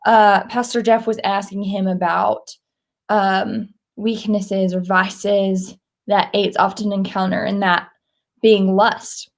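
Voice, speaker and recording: A woman speaking at church, retelling a story in a conversational, animated way with casual fillers. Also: mid-range voice, slow. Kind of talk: sermon with a retold story.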